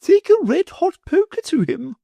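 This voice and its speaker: A man voicing a silly, greedy noblewoman who adores intrigue, in a shrill, gushing voice. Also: very animated, moderate pace, gravelly, dark tone, no echo, muffled recording, heavily acted. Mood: bossy.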